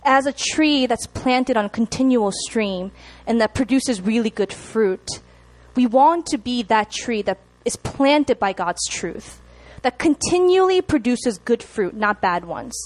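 A young woman preaching a sermon to a congregation, chatty and animated, often checking in with the room. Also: fairly high pitch, a little slow. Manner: animated, chatty, laughs at herself, asks the room to respond.

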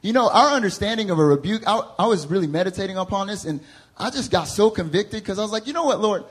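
A young man with a Southern US accent, preaching a sermon to a congregation as a lively, laughing storyteller who acts out the voices in his stories. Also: sits high, quick pace, slightly rough. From American South. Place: church service before a congregation.

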